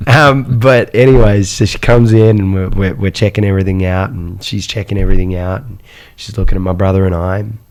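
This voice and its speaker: Man, gravelly voice, lowish pitch, animated personal storytelling, rhetorical questions. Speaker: guest telling his life story. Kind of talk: personal storytelling in a podcast interview.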